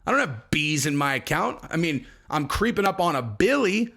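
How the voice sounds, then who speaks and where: A man's voice: fairly high pitch, big pitch swings, normal speed, sharp tone, exaggerated voice. A man playing a drunk, cocky male fighter, talking profane trash in a swaggering way. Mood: confused. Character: drunk, cocky male fighter boasting about his tweets.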